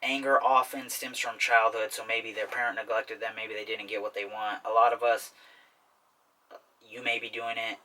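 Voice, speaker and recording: A man's voice: on the low side, level tone, normal speed, bright, forceful tone, distant mic, rough recording. A man hosting a self-help talk in a casual explainer style, often checking in with "okay?". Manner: repetitive, keeps asking "okay?". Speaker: self-help video host.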